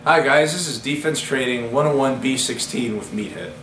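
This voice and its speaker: A man telling a boastful comic story as a brash character host, blustering and breaking into shouts. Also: medium pitch, moderate pace, echoey room, a little hiss or hum, poor audio. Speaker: comedy character host of a self-defense segment.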